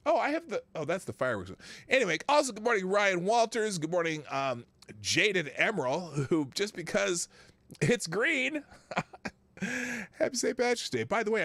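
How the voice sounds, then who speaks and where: Male livestream host, chatty, higher-pitched, lively delivery, dry room. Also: dry recording. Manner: chatty, laughs to himself, reads names off chat. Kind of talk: casual live-chat greetings.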